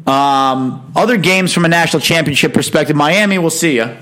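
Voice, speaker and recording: A man's voice: fairly high pitch, fairly quick, fairly bright tone. A man hosting a casual sports talk show, giving emphatic, opinionated commentary in a chatty monologue.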